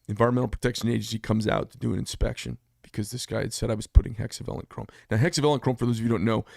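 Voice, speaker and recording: A man's voice: medium pitch, creaky, no room sound, studio quality. A man and business owner giving a blunt, heated casual monologue, telling a story with asides. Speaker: business owner talking to camera.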